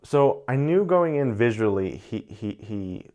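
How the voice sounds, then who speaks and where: Man, very deep voice, casual analytical commentary, thoughtful, self-correcting. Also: very animated, measured pace, warm tone. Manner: thoughtful, repeats words while searching for phrasing.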